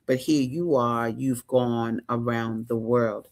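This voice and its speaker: An exuberant woman runs her interview show in a loose, slangy way. She talks in quick bursts, gets loud when excited and drops back to an easy, casual tone. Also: very deep voice. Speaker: talk show host. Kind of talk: lively interview chat.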